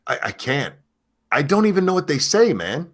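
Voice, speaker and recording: A man's voice: fairly high pitch, big pitch swings, moderate pace, a bit bright. An American man chatting casually on a stream, teasing and laid-back, often calling people "man". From United States. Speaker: co-host. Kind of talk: casual chat.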